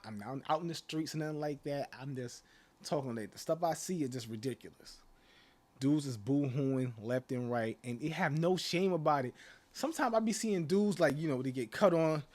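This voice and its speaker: Male vlogger, higher-pitched, rambling casual rant full of rhetorical jabs. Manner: rambling, repeats "like" and "you know", mocking rhetorical questions. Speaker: channel host. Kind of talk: casual opinion rant to camera.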